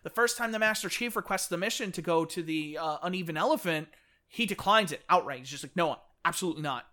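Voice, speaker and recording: Man, podcast co-host, bright tone, animated, acts out quotes, casual chat. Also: high-pitched. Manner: animated, fast-talking enthusiast who acts out characters' lines. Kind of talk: casual chat about books.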